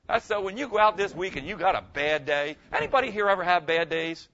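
A pastor preaches to his congregation in a fairly high, forceful voice, pressing his points and asking them questions. His sound is bright and sharp. The recording is dull and lo-fi. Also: animated, brisk. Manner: emphatic, asks the congregation questions. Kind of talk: sermon. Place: room with a congregation.

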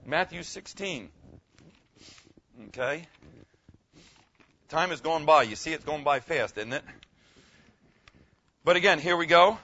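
Emphatic preacher man, bright lo-fi sound. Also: fairly high pitch, animated, slow, pauses often. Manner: emphatic, asks the congregation questions. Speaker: pastor. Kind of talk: sermon. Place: room with a congregation. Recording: dull lo-fi recording.

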